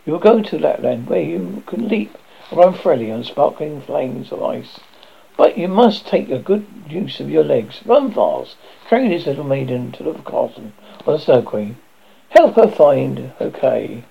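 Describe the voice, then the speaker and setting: A man's voice: fairly high pitch, sing-song, a little slow, vocal fry, breathy edge, exaggerated voice. A man voicing a bold, fierce little robber girl in a storybook reading, blunt and threatening. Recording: dull lo-fi recording.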